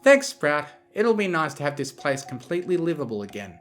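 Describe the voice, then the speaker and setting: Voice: mid-range voice, sing-song, a little fast, a bit bright, soft background music. A narrator voicing a friendly, cheerful young female pony who speaks in a welcoming way.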